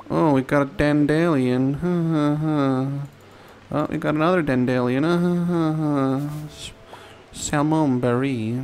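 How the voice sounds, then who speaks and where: A man's voice: mid-range voice, a little mellow, a little hiss or hum. A man giving casual, rambling commentary while he plays a game, playful and given to sing-song repeats. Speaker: let's play gamer.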